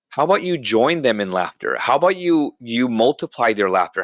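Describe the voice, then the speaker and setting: A middle-aged veteran speaking as a podcast guest, telling motivational stories in a blunt, animated way and calling listeners bro. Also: male voice, fairly high pitch, no echo, dull audio. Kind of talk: motivational storytelling.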